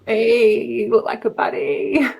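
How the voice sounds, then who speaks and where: A woman's voice: a little high, little pitch movement, slow, creaky, darkish tone. A woman in her thirties hosting a live stream, chatty and casual with some swearing. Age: 30s. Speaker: livestream host.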